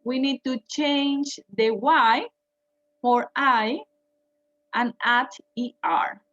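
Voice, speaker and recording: A woman's voice: high voice, fairly even intonation, drawn-out words, a bit bright, dull audio. A woman teaching English grammar, patiently repeating each point and translating it. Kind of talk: bilingual grammar lesson.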